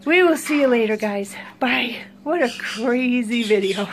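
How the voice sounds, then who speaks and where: High-voiced woman cooing at her pets. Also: animated, a little slow. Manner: cooing, sing-song talk to animals. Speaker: vlogger feeding her pets. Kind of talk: casual chat to pets and viewers. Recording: noisy home footage with squawking birds. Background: birds squawking.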